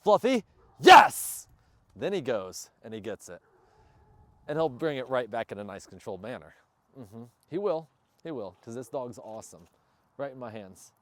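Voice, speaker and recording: A man who handles and trains his service dog, chatting upbeat to viewers of a casual training vlog outdoors and praising the dog loudly. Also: medium pitch, animated, moderate pace. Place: outdoors, yard or field. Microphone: camera on a stand nearby.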